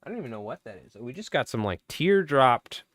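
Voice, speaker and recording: A man's medium-pitched voice is very animated, brisk and a bit bright, with no echo. Hosting a casual fly-tying stream, he talks loosely and addresses people in the chat by name. His voice comes across tired and strained, punctuated by throat-clearing.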